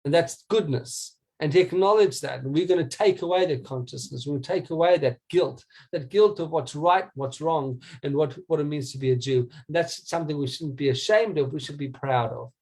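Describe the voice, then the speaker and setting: A man's voice: fairly high pitch, moderate pace, few pauses, darkish tone, rough recording. A man teaching a small group in an informal talk, often stumbling and repeating his words. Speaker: rabbi teaching a class.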